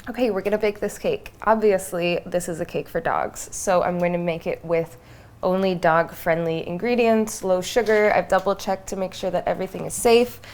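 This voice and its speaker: A woman's voice: on the low side, moderate pace, a little mellow. A young woman in casual vlog chat, talking through a baking recipe in her home kitchen and chatting to her dog along the way. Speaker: vlogger.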